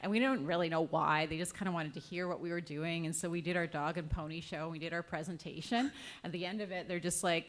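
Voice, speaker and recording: This is a woman with a fairly low voice, speaking on a conference panel as a clinician. She shares a wry anecdote in a relaxed storytelling manner. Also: fast talker, few pauses.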